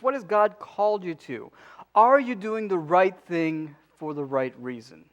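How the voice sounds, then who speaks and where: A man in his forties giving a conversational sermon in a church, pleading with the congregation and adding many asides. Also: fairly high pitch. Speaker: pastor. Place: church sanctuary.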